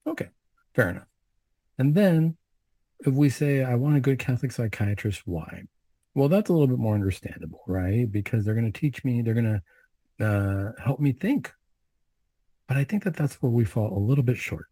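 A man reciting Catholic prayers in a measured, reverent way, then giving a plain-spoken homily to his listeners. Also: mid-range voice, expressive, dark tone, slightly rough, no room sound. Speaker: prayer leader and preacher.

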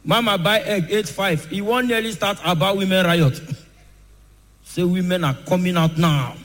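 High-voiced Nigerian Pidgin comedian on stage. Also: male voice, fairly bright tone. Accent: Nigerian Pidgin English. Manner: quick jokey riffs on current affairs. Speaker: stand-up comedian. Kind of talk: stand-up comedy set. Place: live comedy stage in a hall. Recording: live hall with long reverb.

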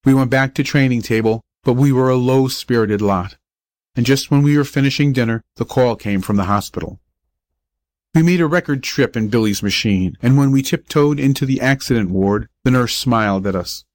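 A man reading a first-person story aloud as an audiobook narrator, in a measured manner. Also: mid-range voice, no echo. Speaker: audiobook reader.

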